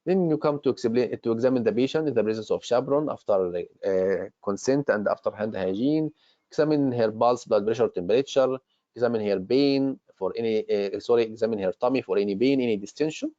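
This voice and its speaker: Halting man tutoring medical exam. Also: medium pitch, mellow, no echo. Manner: halting, many fillers and restarts while explaining. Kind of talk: online exam-prep lesson. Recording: dull lo-fi recording.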